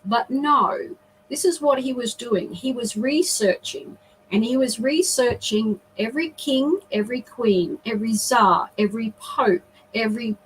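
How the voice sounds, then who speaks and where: A woman's voice: on the high side, a little hiss or hum, poor audio. A middle-aged woman, a guest on a video call, earnestly telling a personal story with emotion and frequent restarts.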